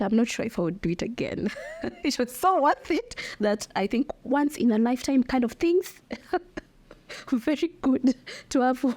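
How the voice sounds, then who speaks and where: A woman's voice: high-pitched, no room sound. Candid young woman podcaster. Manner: candid, expressive, laughs often, addresses listeners as guys. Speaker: podcast host. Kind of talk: candid solo podcast talk.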